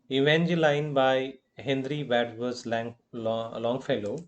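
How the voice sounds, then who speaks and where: A male college professor with an Indian English accent giving a lecture, deliberate and halting, with fillers and self-corrections. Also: mid-range voice. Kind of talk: slow lecture on poetic meter.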